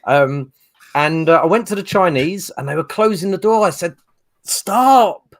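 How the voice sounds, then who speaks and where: A man's voice: a little high, animated, moderate pace, fairly bright tone. A man telling rambling, laugh-filled anecdotes in a casual podcast chat. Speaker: regular podcast co-host.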